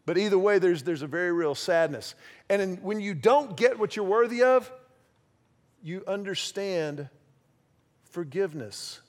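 A man's voice: high-pitched, animated, unhurried, long pauses. A man preaching a sermon in a conversational, self-deprecating way, acting out little quoted exchanges. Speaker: pastor.

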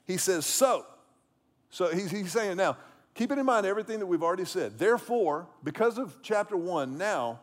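Lively high-voiced male pastor. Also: moderate pace. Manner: animated, conversational, self-deprecating humor. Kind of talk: sermon.

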